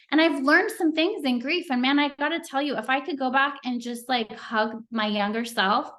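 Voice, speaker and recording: A woman's voice: sits high, moderate pace, few pauses, fairly bright tone. A middle-aged woman giving a motivational talk on a team call, earnest and chatty, with plenty of "like" and "um" fillers. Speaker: team leader speaking on a sales call.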